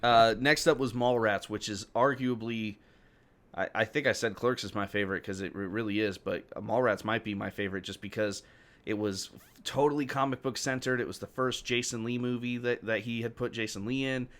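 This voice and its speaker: A man's voice: on the low side, steady tone, fairly quick, a bit bright. A young man co-hosting a podcast in casual chat, rambling and swearing, laughing often. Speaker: podcast co-host.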